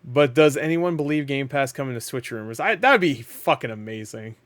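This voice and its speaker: A man in the middle of his range hosts a loose, excitable reaction chat, laughing often and swearing freely. His voice sounds dry and close, with little room around it. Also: medium pitch, fairly quick, no echo. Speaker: host of a reaction channel. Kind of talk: casual chat.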